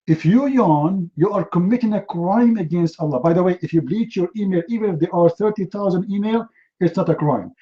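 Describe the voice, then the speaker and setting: High-pitched sarcastic man. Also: brisk, dark tone, muffled recording. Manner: mocking, sarcastic storyteller. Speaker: speaker. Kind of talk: humorous seminar talk.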